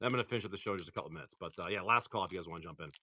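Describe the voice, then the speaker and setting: A man's voice: low-pitched, rapid-fire, bright, forceful tone, slight background noise. A man hosting a live stream, opening card packs and upbeat as he thanks viewers by name.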